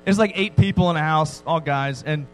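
A man's voice: a little high, fairly quick, soft background music, poor audio. Joking male preacher telling a story. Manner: joking, animated storytelling with frequent "right?" asides. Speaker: pastor. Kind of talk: sermon to a youth audience.

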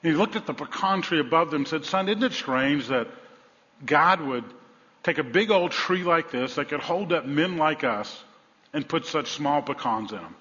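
A male pastor preaching a sermon, telling stories and swinging from loud emphasis to hushed tones. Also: on the high side, expressive, normal speed. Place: large church sanctuary. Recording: dull sound, long hall reverb.

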